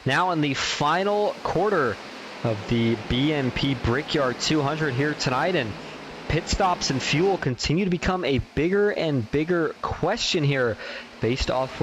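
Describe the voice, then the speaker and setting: Excited man calling a sim race. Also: on the high side, background noise. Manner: excited, quick bursts when action happens. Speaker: race commentator. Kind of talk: sim racing play-by-play commentary.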